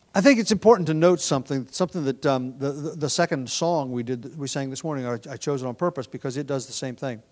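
A man preaching a sermon as pastor, thinking aloud with frequent fillers and restarts. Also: medium pitch. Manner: prays in a hushed, quieter voice.

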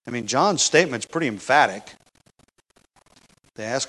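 A man preaching a verse-by-verse sermon, emphatic and slowing down on key words, often asking the congregation rhetorical questions. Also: mid-range voice, animated, fairly bright tone, poor audio. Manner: emphatic, slows down for stress. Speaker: pastor. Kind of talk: expository sermon.

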